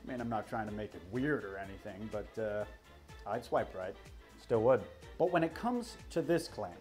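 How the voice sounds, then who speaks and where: A man's voice: on the low side, lively intonation, normal speed, darkish tone, faint music behind. A man giving scripted video commentary in a wry, self-critical and emphatic way. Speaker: history video creator.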